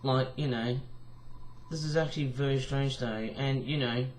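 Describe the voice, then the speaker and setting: A tired young man with a croaky voice, rambling casually through a vlog with lots of fillers and restarts. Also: mid-range voice, fairly even intonation, normal speed, a little hiss or hum. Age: young adult. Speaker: vlogger.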